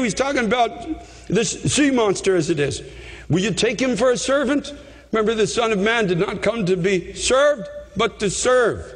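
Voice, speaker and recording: Man preaching, very high voice, fervent, long hall reverb. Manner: fervent, repetitive preaching that rises to shouts. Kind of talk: sermon.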